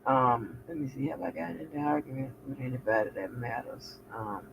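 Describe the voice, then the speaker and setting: A woman hosting a reaction commentary channel, profane and animated, talking back at the clips she plays. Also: a bass voice, fairly quick, vocal fry. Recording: muffled with faint background noise.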